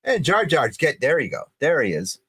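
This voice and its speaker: A middle-aged man co-hosting a podcast stream, chatting in an excitable, effusive way. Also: fairly high pitch, normal speed, slightly rough, faint music behind. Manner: excitable and effusive, voice jumping up when thrilled. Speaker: podcast co-host. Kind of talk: casual livestream chat.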